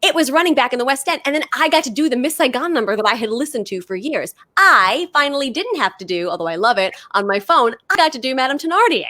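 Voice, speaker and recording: A woman chatting casually as a guest performer, telling stories in an animated, excited way over a video call from home. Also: on the high side, fast talker, few pauses, no room sound. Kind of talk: casual chat.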